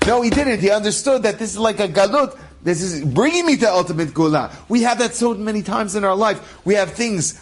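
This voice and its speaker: A man, a rabbi, telling an inspirational story in an animated way, acting out the quotes and using many Hebrew terms. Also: sits high, fairly quick, hardly any pauses. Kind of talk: storytelling with a moral lesson.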